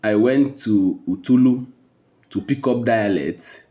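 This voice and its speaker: Man, Nigerian accent, low mellow voice, measured, hesitant storytelling. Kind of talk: recounting a personal story.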